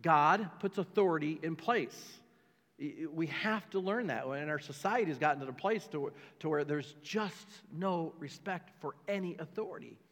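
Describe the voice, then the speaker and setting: A man's voice: on the high side, animated, moderate pace, fairly bright tone. A man preaching a sermon as a pastor, emphatic and repetitive, with joking asides to the congregation. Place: church sanctuary. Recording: long hall reverb.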